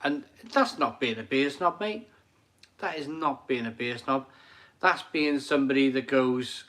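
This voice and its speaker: Slow-talking man chatting at home. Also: mid-range voice, a bit bright. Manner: enthusiastic and rambling, repeats phrases. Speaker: live stream beer reviewer reading viewer comments. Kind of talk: casual live stream chat. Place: home kitchen.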